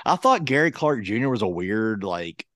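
Man co-host, lowish voice, loose rambling delivery, dry recording. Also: big pitch swings, moderate pace, fairly bright tone, dry recording. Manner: rambling, many fillers and restarts. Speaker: podcast co-host. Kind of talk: casual chat.

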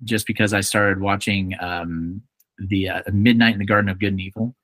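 A low-pitched young man hosting a casual podcast, joking and acting out quick lines. The recording is dry and close, with no room sound. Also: no echo. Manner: joking, animated, acts out quotes. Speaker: podcast host. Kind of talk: casual chat.

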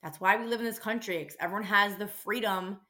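Bright-voiced woman ranting bluntly. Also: medium pitch, quick pace. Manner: blunt, exasperated, swears freely. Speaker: podcast host and dental office receptionist. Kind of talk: casual storytelling rant.

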